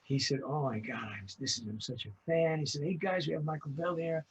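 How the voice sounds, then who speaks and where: An older man, a voice actor being interviewed, telling lively stories and acting out voices as he recalls his work. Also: on the high side, fairly quick, a little hiss or hum, low-quality recording. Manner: lively storyteller, acts out voices. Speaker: guest voice actor.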